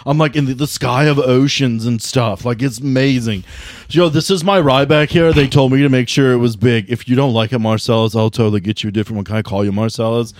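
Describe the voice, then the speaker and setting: A man voicing an excitable young male vape bro who gushes in breathless bro-speak. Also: mid-range voice, fairly quick, a little hiss or hum, lightly acted. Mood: excited.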